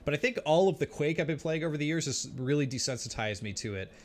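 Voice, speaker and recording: A man's voice: fairly high pitch, animated, fast. A man streaming a game and chatting with viewers, often exclaiming and laughing as he plays. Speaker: gaming streamer. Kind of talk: let's play commentary.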